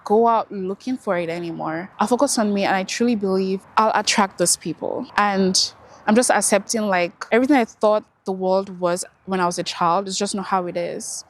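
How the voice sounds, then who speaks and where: A woman's voice: medium pitch, normal speed. A young woman talking earnestly to her camera, reflecting on life and encouraging herself and her viewers. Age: young adult. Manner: earnest, self-encouraging, drawls words out. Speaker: vlogger. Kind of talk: casual reflective monologue.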